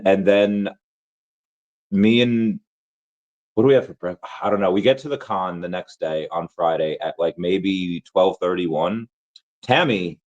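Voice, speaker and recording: Hoarse, rambling man on a dull recording. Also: lowish voice, darkish tone. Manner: rambling, restarts often, heavy fillers. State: hoarse, worn-out voice. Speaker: crypto collectibles vlogger. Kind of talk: casual chat.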